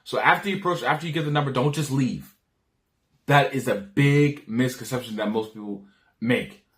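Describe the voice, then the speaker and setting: A man's voice: medium pitch, moderate pace. A man talking loosely through dating advice in a medium voice. He stumbles over restarts and repeated words, and leans heavily on slang and casual swearing. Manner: rambling, frequent restarts, slangy and profane; acts out dialogue lines.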